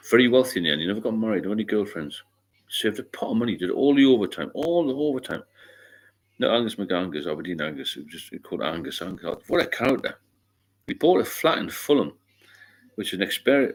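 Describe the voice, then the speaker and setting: A middle-aged man from England chats casually on a livestream in a very low voice. He talks bluntly and swears freely. He drifts into long rambling stories. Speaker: livestream host.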